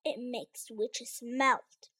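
A woman's voice: fairly high pitch, fairly even intonation, very slow, pushed and bright, breathy edge, voice pushed down, full character voice. A woman voicing Dorothy, a polite, eager little girl in a storybook, who speaks in an earnest, pleading way.

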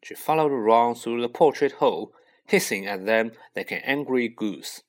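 A man reading a children's novel aloud, unhurried and expressive. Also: mid-range voice. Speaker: audiobook reader. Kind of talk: storybook narration.

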